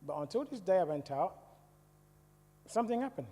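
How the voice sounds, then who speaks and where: Man from the West Indies telling his story to a congregation in a chatty way; warm, somewhat high voice in a hall with long reverb. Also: sing-song, a little fast. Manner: conversational, asks the audience questions. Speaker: church speaker. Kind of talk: testimony talk to a congregation. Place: church hall.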